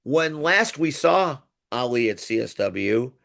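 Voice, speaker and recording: A man's voice: mid-range voice, very animated, slow, gravelly, a bit bright. A man hosting a podcast, chatting casually and enthusiastically, rambling with restarts as he previews matches. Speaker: podcast host. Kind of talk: casual wrestling preview chat.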